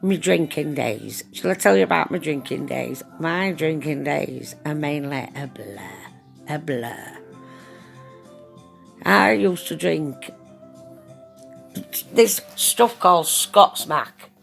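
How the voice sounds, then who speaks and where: Gravelly blunt woman. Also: sits low, animated, slow pace, pauses often, soft background music. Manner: blunt, chatty, swears freely, heavy local slang. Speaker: vlogger. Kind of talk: casual storytelling monologue. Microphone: phone.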